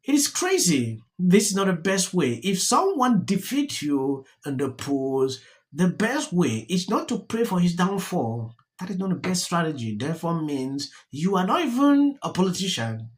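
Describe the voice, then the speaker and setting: A man's voice: high voice, very animated, normal speed. A man giving opinion commentary as a vlogger, emphatic and repetitive.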